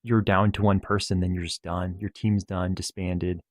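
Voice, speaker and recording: A man's voice: low-pitched, flat delivery, normal speed, dry recording. A man in a casual podcast chat, speaking thoughtfully and hesitantly, often restarting his sentences.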